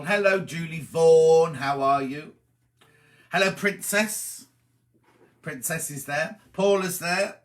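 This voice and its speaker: A man's voice: on the high side, expressive, slow, long pauses, fairly bright tone. A man hosting a live stream, chatting and greeting viewers by name as he reads their messages aloud. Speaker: host. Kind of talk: live-stream chat reading viewer comments.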